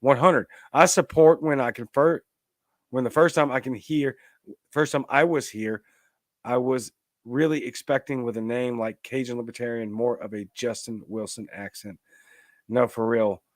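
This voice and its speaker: A man's voice: mid-range voice, steady tone, normal speed, dry recording. Emphatic ranting male host, dry sound. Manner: ranting, emphatic, reads viewer comments. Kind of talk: political commentary show.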